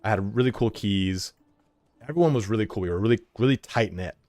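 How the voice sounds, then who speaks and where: A man's voice: on the low side, a little fast, darkish tone, dry recording. A young man streaming from home, chatting casually and telling rambling stories with lots of swearing and filler words. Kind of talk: casual livestream chat.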